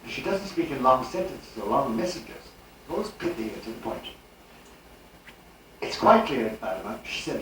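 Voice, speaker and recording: An older man giving a live religious lecture with an animated, rhetorical delivery and chuckling asides. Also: mid-range voice, normal speed, pauses often, slight background noise. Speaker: speaker. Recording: old live tape, distant and echoey.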